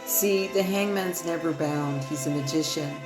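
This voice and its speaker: Low-voiced lady rambling thru a tarot reading, swears a lot, roomy echo. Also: normal speed. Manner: loose, profane, rambling. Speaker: tarot reader. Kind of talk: casual tarot reading livestream. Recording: echoey room with loud music.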